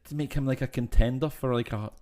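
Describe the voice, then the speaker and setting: A man's voice: medium pitch, fast talker. A man co-hosting a podcast, joking and making wordplay in casual banter. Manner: joking, wordplay, lively back-and-forth. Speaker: podcast co-host. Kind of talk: casual chat reviewing a film.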